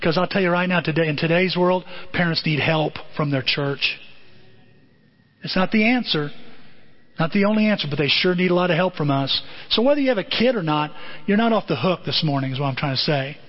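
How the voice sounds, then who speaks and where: Male pastor, middle-aged, conversational sermon, rhetorical questions, slightly high voice, muffled lo-fi recording. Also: fairly quick. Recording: dull lo-fi audio.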